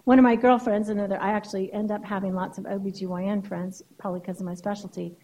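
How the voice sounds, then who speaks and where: A woman's voice: mid-range voice, flat delivery, fast, dark tone, a little hiss or hum, low-quality recording. A woman therapist giving a keynote speech in a conversational lecturing way, often checking in with "right?".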